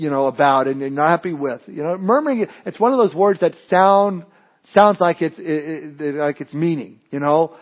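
A man's voice: a little high, dull audio. A male pastor preaching a sermon in a conversational way, often restarting and adding asides.

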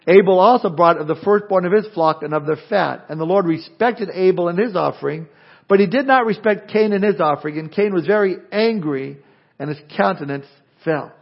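A pastor preaching a sermon with animated delivery, acting out imagined people's objections. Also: male voice, high-pitched, dull audio. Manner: animated, acts out imagined speakers.

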